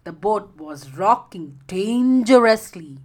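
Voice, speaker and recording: Slow, lively woman storyteller. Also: medium pitch. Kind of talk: children's story narration.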